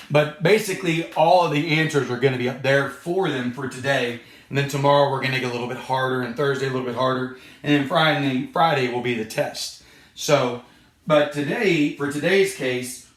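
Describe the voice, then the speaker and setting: A man's voice: on the high side, fairly bright tone. A male third grade teacher giving an online lesson to children and parents, patiently repeating points and stressing key words. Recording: echoey room.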